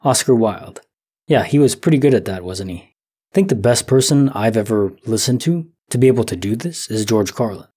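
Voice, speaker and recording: Calm guy in his 30s thinking out loud, soft and slow, kinda breathy mellow voice. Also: mid-range voice. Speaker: sleep story narrator. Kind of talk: calm musing commentary on listener stories.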